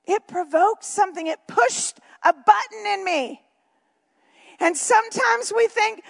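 A woman preaching to her congregation in a strikingly high voice that carries a gravelly edge of fry. She reads scripture and drifts into casual, joking asides as she goes. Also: a little slow. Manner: chatty asides and jokes to the congregation. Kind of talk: sermon with Bible reading.

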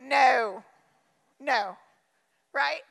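A woman's voice: high voice, very slow, vocal fry, a bit bright, in a large hall. A woman pastor preaching a sermon, emphatic and repeating her phrases for effect, often slipping into acted-out quotes and asides.

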